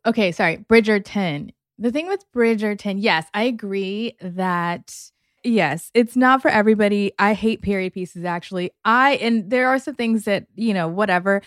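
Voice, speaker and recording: Chatty female co-host, mid pitch, dry close mic, lots of "like". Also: no room sound. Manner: chatty, laughs often, says "like" a lot. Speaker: podcast co-host. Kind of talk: casual chat with ad read.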